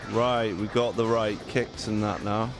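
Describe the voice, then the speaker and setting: A man's voice: fairly low pitch, level tone, unhurried. A man streaming a retro game, chatting in a casual, self-deprecating way. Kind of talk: casual chat while gaming. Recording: game music behind voice. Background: game music.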